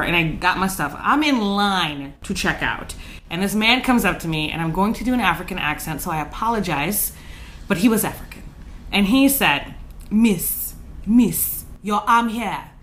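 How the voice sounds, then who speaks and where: A woman in her late twenties co-hosting a podcast, telling stories in an animated, profane way and laughing often. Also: on the low side, slight background noise. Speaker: podcast co-host. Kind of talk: casual chat, storytelling.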